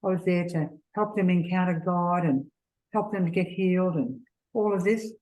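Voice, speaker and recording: Gentle middle-aged woman with a warm, low voice. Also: moderate pace, rough recording. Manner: gentle, earnest, personal anecdotes. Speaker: seminar speaker. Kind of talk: faith seminar talk.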